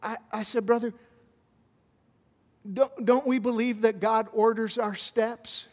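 A man preaches a sermon in a high voice, taking his time. He is animated and often stammers and restarts his phrases. His voice rings out with the long echo of a church hall. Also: slow. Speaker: visiting pastor.

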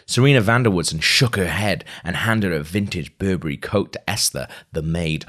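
A man with a low, deep voice reads a novel aloud in a casual, chatty way. He sounds amused and keeps stepping out of the text with his own asides before carrying on. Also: normal speed, few pauses, a bit bright. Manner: chatty, amused, breaks off to react. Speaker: reader of a novel.

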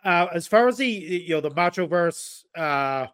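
A man's voice: high-pitched, expressive, moderate pace, fairly bright tone, clean tone. A man hosting a casual interview, supportive and laughing along with his guest. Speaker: podcast host.

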